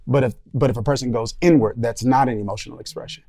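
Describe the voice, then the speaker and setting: A man's voice: medium pitch, fast, dark tone. A man on a discussion panel, thinking aloud and searching for his words. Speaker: panel guest.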